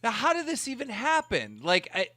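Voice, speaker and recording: A man's voice: extremely high pitch, huge pitch swings, moderate pace, sharp tone, no room sound. A man hosting a gossip news show, reading out quotes with stretched emphasis and stammering through interview questions.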